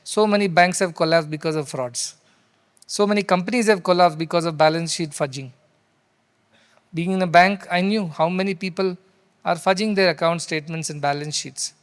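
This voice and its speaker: A man's voice: sits high, moderate pace, clean tone. A middle-aged man, giving an earnest storytelling sermon with rhetorical questions and Sanskrit verses. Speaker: spiritual teacher. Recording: long hall reverb.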